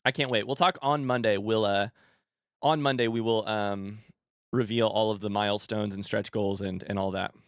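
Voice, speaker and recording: A young man streaming live, hyping up a charity event with excitable announcer energy and then chatting casually with viewers while out of breath. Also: lowish voice, clean tone, dry recording, studio quality. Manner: excitable, hyped announcer delivery that shifts to quick casual asides.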